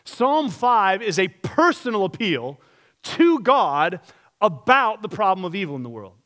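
A man's voice: high voice, big pitch swings, a little slow, fairly bright tone. A man pastor preaching a sermon, earnest and direct, asking the congregation rhetorical questions and reading scripture aloud.

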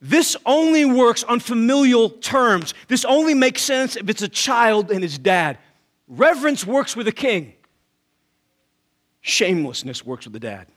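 High-voiced man preaching a sermon. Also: very animated, a little slow. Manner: emphatic preaching with rhetorical questions; repeats words when he starts a thought. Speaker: pastor.

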